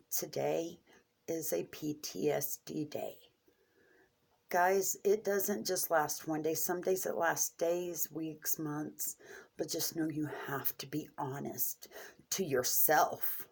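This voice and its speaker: A middle-aged woman talking candidly and earnestly to her viewers, openly emotional, in short halting phrases. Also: sits low, steady tone, gravelly, slightly rough. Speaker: vlogger sharing coping skills. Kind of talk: candid personal talk to camera.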